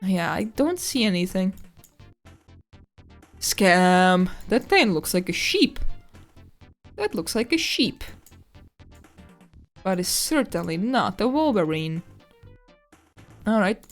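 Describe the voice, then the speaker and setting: A woman streaming live, chatting casually and excitedly while exploring a map, squealing at animals and swearing now and then. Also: mid-range voice, slow, long pauses, soft background music.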